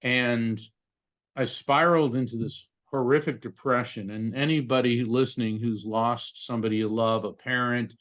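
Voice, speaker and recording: A man with a middle-pitched voice talks through a personal story on a podcast. He stops often and repeats his words, and his telling stays heartfelt. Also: fairly even intonation, normal speed, fairly bright tone. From United States. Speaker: psychic medium and attorney, podcast guest.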